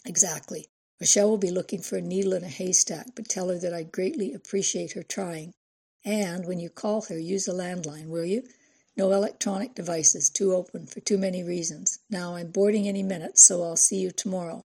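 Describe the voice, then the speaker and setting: A measured older woman speaks in low, precise, unhurried sentences, as a woman narrator puts her on. Her voice is husky and warm, with a soft authority. It is an audiobook reading. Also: steady tone.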